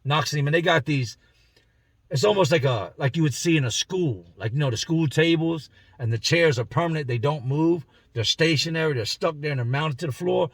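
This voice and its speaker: Casual male storyteller, slangy and husky, slightly higher voice, dry in-car sound. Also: normal speed, dry recording. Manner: slangy, conversational, acts out the voices in his story. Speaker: vlogger telling a prison story. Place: inside a car.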